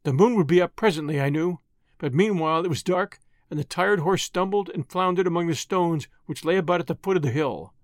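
A man with a fairly high voice reads a first-person adventure novel as an audiobook narrator, using measured, dramatic phrasing. The recording is close and dry, with no room sound.

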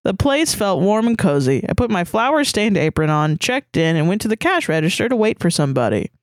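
A woman's voice: mid-range voice, sing-song, a little fast, no room sound. Woman reading fanfiction aloud, dry sound. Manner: reads with playful asides and laughs. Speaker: podcast co-host.

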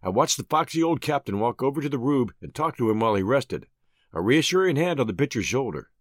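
Male storyteller, middle pitch, animated delivery, close dry studio sound. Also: fast talker, no room sound. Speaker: audiobook host and narrator. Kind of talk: scripted story narration.

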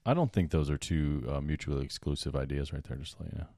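A man co-hosting a casual sports podcast, low-key with dry, teasing remarks. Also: fast, dark tone, no echo. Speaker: podcast co-host.

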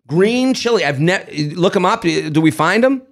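A young man co-hosting a podcast, telling a story in lively casual chat and acting out the voices of people in it. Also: high-pitched, measured pace. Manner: animated, acts out voices, swears and laughs. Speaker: podcast co-host.

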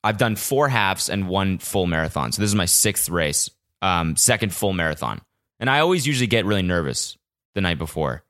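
A young man with a slightly low voice rambles through a solo podcast from his apartment. He sounds frazzled and swears constantly, piling up restarts as he talks. He is picked up by a little vlog camera's built-in mic. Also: sing-song, moderate pace, fairly bright tone. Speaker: podcast host. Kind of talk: casual solo podcast monologue. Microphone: small vlog camera mic.

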